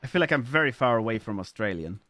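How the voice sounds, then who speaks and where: A man's voice: mid-range voice, animated, fast, pushed and bright. A man from Germany with a German accent, chatting casually with his live-stream audience, playful and swearing freely as he riffs on chat messages.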